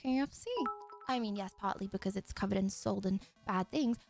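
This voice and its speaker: A young English woman in her twenties streams live, rambling and giggling as she chats casually with viewers while quiet music plays behind her. Her medium-pitched voice runs a little fast, with vocal fry.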